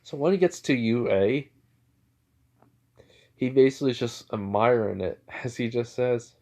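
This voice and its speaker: A man casually telling a fan-fiction story out loud, rambling with lots of filler words. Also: medium pitch, normal speed, long pauses.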